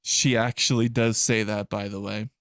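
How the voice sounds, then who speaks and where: A man's voice: lowish voice, little pitch movement, moderate pace, a bit bright, no room sound, clean studio sound. A young adult man chatting casually on a live stream, rambling and swearing, often breaking into laughter. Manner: rambling, profane, laughs a lot.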